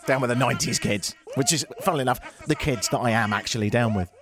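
A man's voice: medium pitch, quick pace. A man hosting a radio talk show, telling jokey stories and acting out the other people in them with a raised voice. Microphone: studio microphone.

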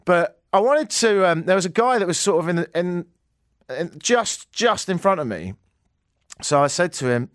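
Male radio host, English accent, slightly higher voice, self-deprecating and comic, dry studio mic. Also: expressive, normal speed, dry recording. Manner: jokey, self-mocking storyteller. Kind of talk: casual rambling radio monologue.

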